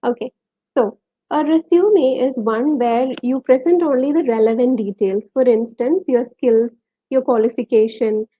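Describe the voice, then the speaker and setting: A woman's voice: on the high side, a little slow, dry recording, dull audio. A woman with a Malayali accent teaching a live online English lesson, quizzing viewers and reading out their names and answers.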